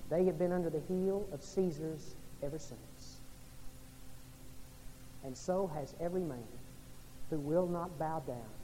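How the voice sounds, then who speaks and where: A male pastor delivering a sermon, swinging from loud emphasis down to quiet, hushed lines. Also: fairly high pitch, measured pace, pauses often, a little hiss or hum. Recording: reverberant hall with faint ambience.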